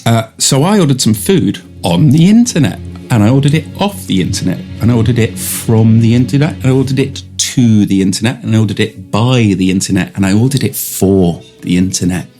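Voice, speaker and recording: A man's voice: on the low side, lively intonation, a little fast, few pauses, mellow, soft background music. A man, improvising a rambling, silly comic monologue as a podcast host. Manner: rambling, silly, switches into funny voices.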